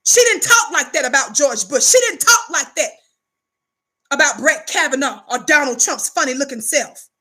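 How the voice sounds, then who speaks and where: A woman's voice: sits high, expressive, normal speed, bright, forceful tone. A woman giving impassioned commentary in a preachy, indignant way, calling on listeners to answer back. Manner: preachy, indignant, call-and-response.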